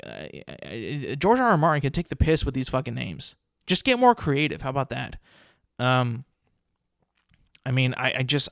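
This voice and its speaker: A man's voice: mid-range voice, fairly bright tone, no echo, clean studio sound. A young man hosting a solo podcast, ranting casually with lots of swearing, fillers and restarts. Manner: rambling, profane, many fillers and restarts. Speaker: podcast host.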